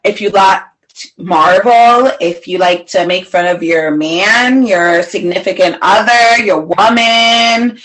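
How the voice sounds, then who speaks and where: A young woman co-hosting a podcast, trading jokes and teasing remarks in a loose, casual conversation. Her voice sits at a middle pitch. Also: slow pace, a bit bright, low-quality recording. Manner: teasing, joking banter. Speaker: podcast co-host. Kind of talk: casual chat.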